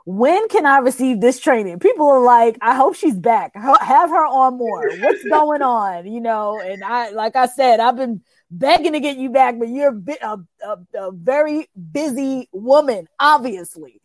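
Woman stream host, bit higher voice, enthusiastic, dry close recording. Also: lively intonation, normal speed, few pauses, dry recording. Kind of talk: casual interview chat.

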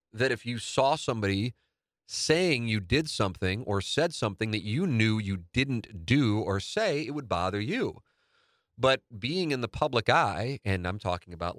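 A man's voice: lowish voice, fairly bright tone, no room sound, clean studio sound. A man hosting a radio podcast, talking in a casual, rambling monologue. He is blunt, swears now and then, and often restarts his sentences. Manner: rambling, with frequent restarts and stammers.

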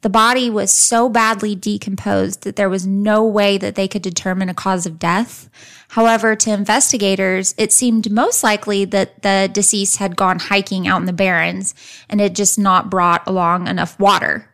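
A woman's voice: medium pitch, fairly even intonation, normal speed, fairly bright tone. A woman hosts a true crime podcast, walking through a case from her notes. Her delivery is casual and chatty, with playful jokes along the way. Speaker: podcast host. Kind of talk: casual chat and case narration.

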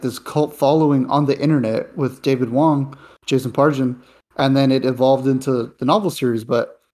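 A man's voice: mid-range voice, darkish tone. A man in a casual film podcast chat who talks in a thoughtful, rambling way with hesitant restarts.

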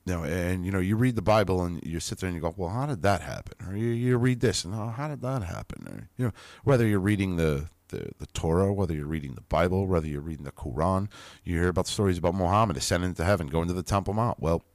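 A man with a very deep voice hosts a podcast, reading an ancient text aloud and stopping often for loose, chatty remarks. His talk is casual and peppered with mild swearing. The sound is close and dry, with no room echo. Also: fast talker, a little mellow.

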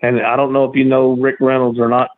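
A man, a guest telling stories in a drawling, animated way. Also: mid-range voice, fast talker, no room sound. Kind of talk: casual storytelling. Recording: tinny phone line, dry.

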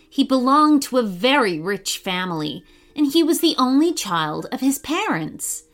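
A woman hosting and narrating a children's story in an expressive, animated read-aloud manner. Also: fairly high pitch. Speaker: host and storyteller.

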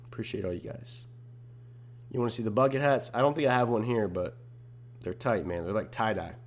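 A man's voice: lowish voice, fairly quick. A young man hosting a casual solo podcast, talking in a laid-back, slangy way. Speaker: podcast host.

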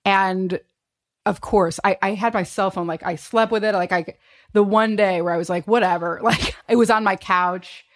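A woman in her thirties, a guest in a casual chat, telling an animated story and acting out quotes with laughs. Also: medium pitch, normal speed.

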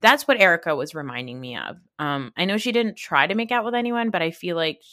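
A woman's voice: lowish voice, animated, a little fast, bright, forceful tone, no echo, clean studio sound. A woman hosting a podcast, giving casual, snarky commentary on a reality show and swearing freely. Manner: chatty, snarky, swears freely, laughs often. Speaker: podcast host.

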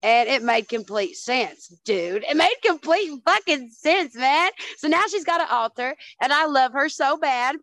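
A woman podcast guest tells her stories with animated energy, swearing freely and peppering every few words with "honey" and "dude". Her voice sits a little above the usual pitch for a woman. The sound is dry and close, with almost no room around it. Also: measured pace, hardly any pauses, no echo, low-quality recording. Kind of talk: casual chat.

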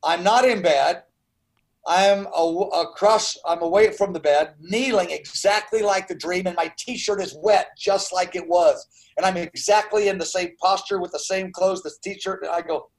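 A man's voice: high-pitched, moderate pace, low-quality recording. A man in his sixties telling a personal story as an interview guest, earnest and full of restarts. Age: 60s.

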